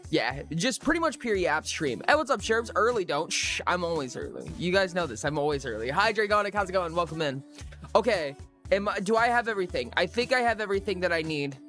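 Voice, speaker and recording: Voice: mid-range voice, very animated, fairly quick, fairly bright tone, soft background music. A live streamer chatting casually with viewers, bubbly and rambling, often joking at their own expense. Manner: bubbly, rambling, self-mocking.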